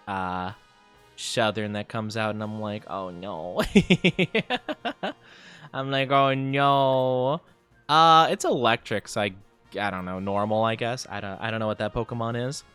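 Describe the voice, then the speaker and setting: Chatty male game streamer, animated pitch, faint background music. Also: clear, resonant tone. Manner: lively, playful, chatty with viewers. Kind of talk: casual gaming stream chat.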